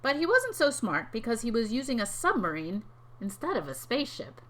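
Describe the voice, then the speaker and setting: A woman reading a children's story aloud in a playful, giggly way. Her voice is bright and her pitch moves around a lot. She mixes the reading with light banter. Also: sing-song. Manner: giggly, quick to laugh.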